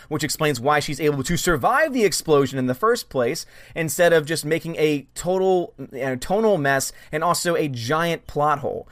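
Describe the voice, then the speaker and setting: A man's voice: fairly high pitch, fairly bright tone, no echo. A man hosting a live stream in casual chat, animatedly greeting viewers by name and answering their comments. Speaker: livestream host.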